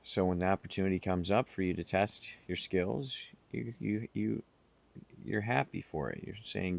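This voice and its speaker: A man speaking slowly and earnestly, giving direct self-help advice to the listener. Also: deep voice, creaky. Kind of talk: casual advice monologue.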